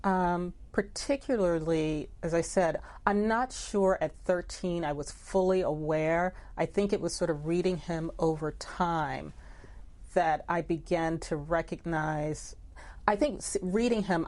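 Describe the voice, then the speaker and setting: Woman, low voice, editor as interview guest; reflective, conversational. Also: a little mellow. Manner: reflective, full of "you know" asides.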